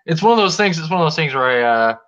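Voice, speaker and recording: A man's voice: fairly high pitch, animated, racing, fairly bright tone, highs cut off. A man joining a live stream as a guest, bantering crudely and restarting his sentences. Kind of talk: casual live-stream chat.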